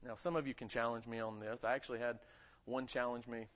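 A man's voice: mid-range voice, flat delivery, fast talker, a bit bright. A male pastor from North Carolina with a light Southern accent, preaching a sermon in a conversational way and asking his congregation for amens. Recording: muffled lo-fi sound.

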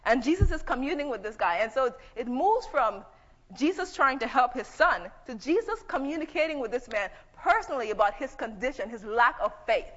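A woman's voice: sits high, lively intonation, fairly quick, a bit bright. A woman preaching a sermon, teaching conversationally and reading scripture aloud. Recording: dull echoey hall.

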